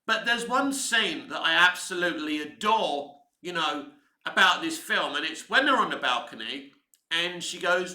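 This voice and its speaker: A man's voice: fairly high pitch, animated, normal speed, bright, forceful tone, reverberant. A man, talking casually and enthusiastically about films in a rambling way. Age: 50s. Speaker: film commentator. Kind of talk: casual film commentary.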